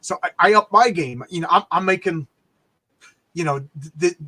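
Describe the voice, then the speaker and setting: A man chatting casually about comics and YouTube, excitable, with lots of stammering restarts. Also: sits high, normal speed. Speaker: comic book creator and YouTuber. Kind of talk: casual chat.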